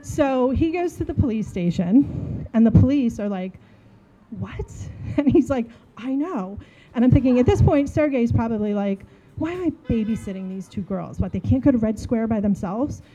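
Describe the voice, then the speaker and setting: A woman in her forties from New Jersey, telling a funny story in a casual, animated way and acting out the dialogue. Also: a little high, normal speed, dull audio. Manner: animated, acts out dialogue, laughs while telling.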